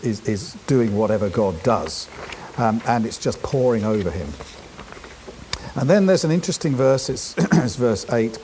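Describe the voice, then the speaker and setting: A man preaching a sermon, talking in an unhurried, thoughtful way with frequent fillers and restarts. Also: medium pitch, a little mellow, a little hiss or hum.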